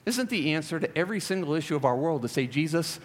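Male pastor, sermon, emphatic, loud to hushed swings, fairly high voice, long hall reverb. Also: lively intonation, fast talker.

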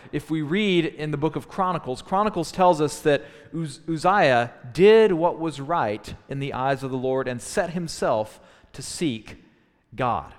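Man preaching in a reverberant hall. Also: on the high side. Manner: thoughtful teaching tone with frequent restarts. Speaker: pastor. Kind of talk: sermon.

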